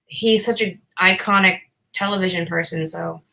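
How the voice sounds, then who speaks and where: A woman's voice: lowish voice, steady tone, normal speed, creaky, bright, forceful tone, low-quality recording. A woman in her fifties from Boston, an actress chatting as an interview guest, self-deprecating and casual, with the odd swear. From Boston, USA.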